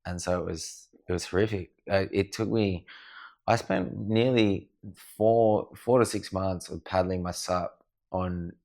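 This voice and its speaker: An Australian man, a podcast guest, telling an animated story in a casual chat at home, swearing freely. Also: low voice, a little slow, vocal fry. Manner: animated, swears freely, acts out other people's voices. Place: living room of a house at night.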